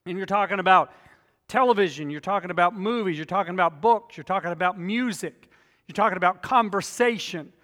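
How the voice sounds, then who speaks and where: A man's voice: sits high, a little fast, bright, forceful tone, long reverb tail. A man preaching a sermon as pastor, emphatic and repetitive, telling personal stories to make his points.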